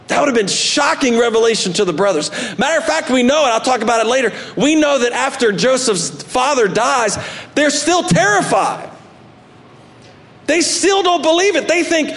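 A male pastor preaching a sermon, animated, swinging between loud emphatic bursts and soft asides. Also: very high voice, moderate pace. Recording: long hall reverb.

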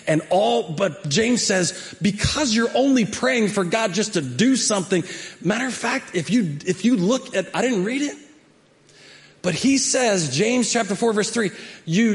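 High-voiced man preaching with emphatic energy. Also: measured pace. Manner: animated, emphatic preaching that acts out prayers and climbs to shouts; conversational asides with the congregation. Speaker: pastor. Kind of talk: sermon.

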